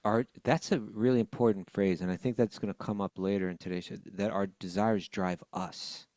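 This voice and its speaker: A man hosting a casual spiritual discussion podcast, relaxed and joking, who repeats the key phrases he likes. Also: fairly low pitch, moderate pace, dry recording, studio quality. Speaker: podcast host.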